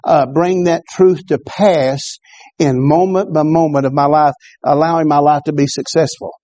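A man preaches a sermon in church. He often stumbles over repeated words and calls out to the congregation for agreement. His voice sits a little high but sounds mellow, and the recording is dry and close. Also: no echo. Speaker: pastor.

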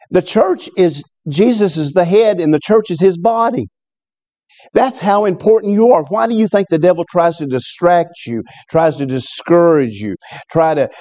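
A man preaching a sermon as a pastor, fervent and repetitive, often rising sharply in pitch when he stresses a point. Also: warm tone, dry recording. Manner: fervent, repeats words, rises in pitch on exclamations. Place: church service.

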